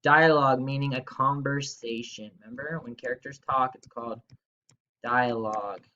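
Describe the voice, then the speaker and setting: A man's voice: mid-range voice, steady tone, moderate pace, bright, forceful tone, muffled recording, a little hiss or hum. A young man teaching a third grade grammar lesson from home, upbeat and playful, reading worksheet items aloud. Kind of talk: recorded remote grammar lesson.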